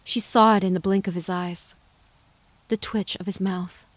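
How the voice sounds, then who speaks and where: A woman reading a western novel aloud as narrator, in an even, measured storytelling voice. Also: mid-range voice, dry recording. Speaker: audiobook narrator. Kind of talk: scripted narration.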